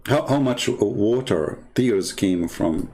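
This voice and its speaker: A Christian apologist from the Arab world hosts in a fairly low, slightly mellow voice, speaking slowly with lively intonation. A native Arabic speaker with an accent, he tells a mocking story that rambles, drips with sarcasm and is full of fillers.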